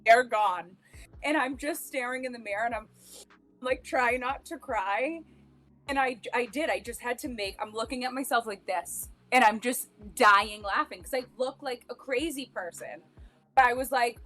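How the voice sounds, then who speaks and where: A woman's voice: on the high side, moderate pace, fairly bright tone, soft background music. Woman telling a rambling personal story. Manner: rambling storyteller with restarts and fillers, laughs at herself. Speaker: podcast co-host. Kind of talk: candid casual chat.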